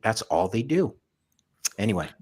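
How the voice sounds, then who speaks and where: A man, a podcast guest, telling jokey anecdotes in a lively panel discussion, with a husky voice. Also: lowish voice, normal speed. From Canada. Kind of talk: animated storytelling in a panel discussion.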